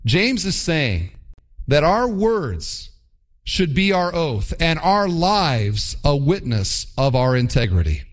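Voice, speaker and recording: A man preaching a sermon as pastor, animated and mock-quoting with playful asides. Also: a little high, takes it slowly.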